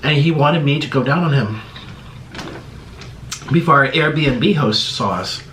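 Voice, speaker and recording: A man hosting a mukbang eating vlog, talking to camera in a halting, strained way, his mouth numb and stinging from the spice. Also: mid-range voice, a bit bright, reverberant, a little hiss or hum. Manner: strained, halting talk while suffering from spicy food. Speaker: mukbang host.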